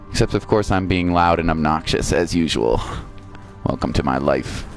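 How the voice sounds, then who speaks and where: A man's voice: low voice, moderate pace, vocal fry, faint music behind. A man streaming a video game, chatting casually and reading viewer comments aloud. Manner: chatty, reads viewer chat aloud, reacts playfully.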